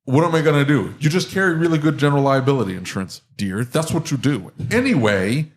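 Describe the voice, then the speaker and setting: A man's voice: medium pitch, fast talker. A man who owns an auto repair shop, trading sarcastic banter on a live podcast. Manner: animated, sarcastic, acts out customer calls.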